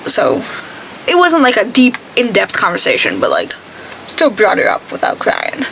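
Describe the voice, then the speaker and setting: A woman's voice: mid-range voice, huge pitch swings, moderate pace, vocal fry, fairly bright tone, a little hiss or hum, rough recording. A woman beauty vlogger chatting casually while she does her makeup, telling stories and acting out what other people said. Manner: chatty storytelling, acts out quoted people.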